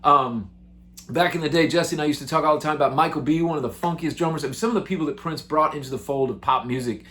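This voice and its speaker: Excitable, chatty male musician. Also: on the high side. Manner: excitable, animated, loose and chatty. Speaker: musician and show host. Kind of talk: casual storytelling to camera.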